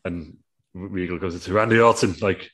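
A man's voice: low-pitched, normal speed, a bit bright, a little hiss or hum. A man telling a rambling, laugh-filled story in casual podcast chat, swearing freely. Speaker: podcast co-host.

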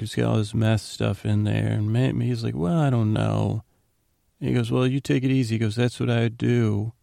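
A man with a deep, heavily gravelly voice drifts through a rambling retelling for a bedtime podcast. His delivery stays flat and mellow, barely rising or falling. The sound is dry and close, with no room around it. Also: dry recording. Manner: meandering, retells scenes with loose quoted dialogue. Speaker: podcast host. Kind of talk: rambling sleepy recap.

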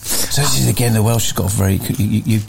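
A man's voice: lowish voice, fast talker, creaky, a crowd in the background. A man co-hosting a radio show, chatting and cracking jokes with his co-hosts. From half Geordie, father from Teesside. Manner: chatty, jokey. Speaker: radio co-host. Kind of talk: casual banter.

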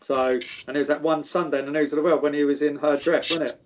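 A man's voice: a little high, steady tone, quick pace, a little hiss or hum. A man, a former footballer telling stories in casual chat, swearing freely and calling people mate. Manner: laddish, swears freely, says mate and geezer.

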